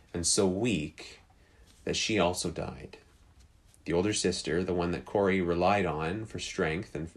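A man preaching, telling a story in an earnest way with frequent restarts. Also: low-pitched. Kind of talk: storytelling sermon.

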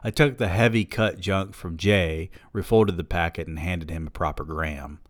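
A man's voice: deep voice, steady tone, moderate pace, dry recording. A man reading a novel aloud on a podcast, with dry, profane, sardonic asides.

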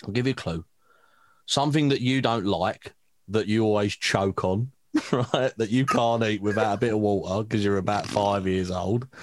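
A man's voice: on the low side, moderate pace, no room sound. A man co-hosting a podcast in casual chat, laughing often and teasing his friends. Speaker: podcast co-host.

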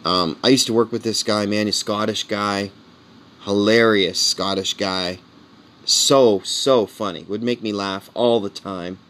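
A man in his forties with a lowish voice, rambling candidly in a casual comedian's monologue. He keeps slipping in "man" and "you know" and turns earnest and heartfelt. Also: steady tone, unhurried, a bit bright. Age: 40s. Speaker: comedian podcast host.

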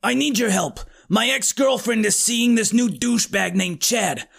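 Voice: mid-range voice, unhurried, gravelly, a bit bright, husky, heavily acted. A narrator voicing a giant, scheming, lovesick boy in an audiobook, blunt in tone.

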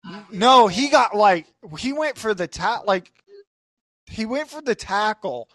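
A man hosting a casual sports podcast, telling stories in an animated way and laughing often. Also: high voice, measured pace, no room sound. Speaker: podcast host. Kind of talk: casual chat.

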